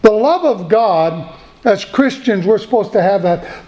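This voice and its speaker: A middle-aged man preaching a sermon in a folksy way, slowing down to repeat key points. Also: high-pitched, expressive, a little mellow. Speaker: pastor. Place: church. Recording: echoey church room.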